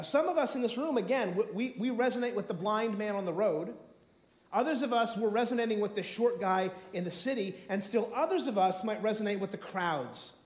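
A man preaching a sermon to a congregation, animated and acting out the story with quoted voices. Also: high voice. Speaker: pastor. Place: room with a congregation. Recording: echoey room.

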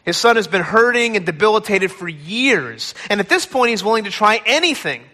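A man preaching a sermon in a church, retelling a scripture story with dramatic, expressive delivery. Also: sits high, normal speed, in a large hall. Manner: dramatic storytelling, acting out pleas. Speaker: pastor. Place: large church hall.

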